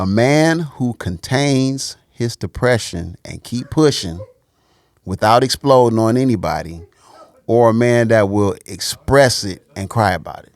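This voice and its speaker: A man's voice: medium pitch, expressive, measured pace, dry recording. A young man co-hosting a casual chat show, joking and teasing playfully. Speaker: podcast co-host.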